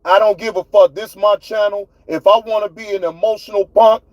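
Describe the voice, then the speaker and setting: A man's voice: sits high, steady tone, a little fast, a little mellow, no room sound, lo-fi sound. A man with hosting his own livestream, ranting at his chat in a fiery, profane way. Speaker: livestream host. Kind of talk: heated livestream rant.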